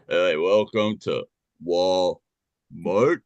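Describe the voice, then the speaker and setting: A man doing an impression of a deep-voiced, mumbling tough guy working as a store greeter. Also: animated, drawn-out words, a little mellow, no echo, dull audio, heavily acted.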